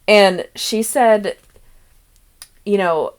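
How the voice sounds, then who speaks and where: A young woman who runs the game chats loosely about past sessions, her thoughts tumbling out with frequent giggles. Her voice sits at an ordinary middle pitch and her talk drifts easily from one memory to the next. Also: lively intonation, a little slow. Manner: rambling, giggly, laughs often between thoughts. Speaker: game master and host. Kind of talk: casual chat about a tabletop campaign.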